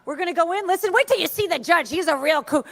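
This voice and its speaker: A woman telling animated stories to a crowd and acting out the voices of the people she quotes. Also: very high-pitched, fast talker, gravelly. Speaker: speaker at an event. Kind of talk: storytelling speech to a crowd.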